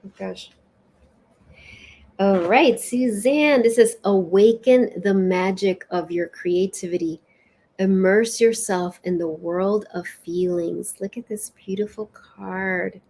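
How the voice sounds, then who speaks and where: A woman hosting a live spiritual session, chatting casually and reading oracle cards aloud in an expressive, lilting way. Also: medium pitch, slow pace. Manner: warm, chatty, lilting and expressive, with soft laughs.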